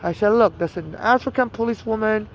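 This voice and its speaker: In a casual storytelling monologue, a man with a Nigerian accent and a high voice talks fairly quickly, agitated and meandering. He keeps restarting and tossing in "you know," and the recording is lo-fi and dull, made outdoors near traffic.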